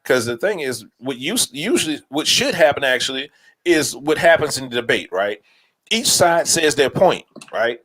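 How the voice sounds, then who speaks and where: A man from New Orleans with a New Orleans accent, co-hosting a casual podcast chat, animated and repeating himself as he makes his points. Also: medium pitch, moderate pace, husky, poor audio. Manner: animated, repeats himself, plays out bits in voices. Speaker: podcast co-host.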